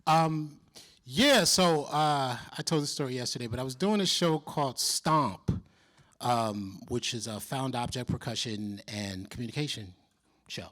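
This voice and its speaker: A man telling a story as a guest on a convention panel, lively and acting out other people's voices as he goes. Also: mid-range voice, measured pace. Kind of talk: animated storytelling.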